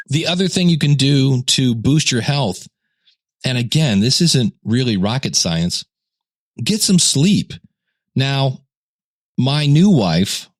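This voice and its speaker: Middle-aged male podcast host, jokey and animated, mid pitch, close dry sound. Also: dry recording. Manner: joking, animated, acts out little scenes. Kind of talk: casual talk.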